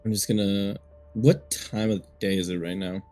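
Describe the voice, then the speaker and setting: A man's voice: fairly low pitch, level tone, moderate pace, warm tone, faint music behind. A man playing a tabletop game, talking in a confident, conspiratorial way. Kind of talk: in-character role-play.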